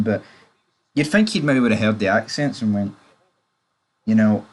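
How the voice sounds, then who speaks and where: A man's voice: on the low side, normal speed, pauses often. A man reviewing a TV show in casual, opinionated chat, rambling with loose asides to the viewer.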